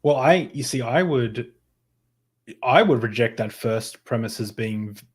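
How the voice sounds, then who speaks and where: A man's voice: medium pitch, lively intonation, unhurried, slightly rough. A man hosting a casual podcast debate, interjecting eagerly with his own points.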